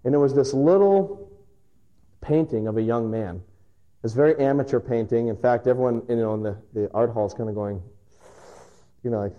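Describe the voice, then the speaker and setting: A male pastor preaching a sermon, telling stories with emphatic pauses. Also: medium pitch, warm tone, highs cut off. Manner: storytelling, emphatic with dramatic pauses.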